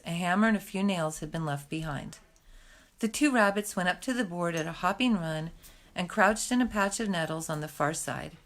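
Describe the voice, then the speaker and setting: A woman reading a novel aloud in a gentle, plain storytelling manner. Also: fairly low pitch. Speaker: reader.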